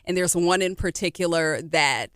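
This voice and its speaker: Animated woman singer on radio. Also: fairly low pitch, moderate pace, no room sound, clean studio sound. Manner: animated, encouraging, with frequent fillers. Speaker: R&B singer, interview guest. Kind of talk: casual radio interview. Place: radio studio.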